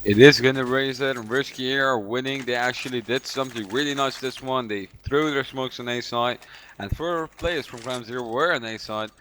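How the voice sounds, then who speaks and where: Guy doing color commentary on a shooter match, bright sharp voice, laid back, breaks down the plays. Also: mid-range voice, a little hiss or hum. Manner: relaxed, analytical, slow on recaps. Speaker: esports co-caster and coach.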